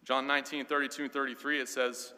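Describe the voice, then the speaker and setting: A man's voice: mid-range voice, flat delivery, fast, bright, forceful tone. A man teaching a Sunday school Bible class in an earnest, emphatic way, often repeating words as he goes. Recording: long hall reverb.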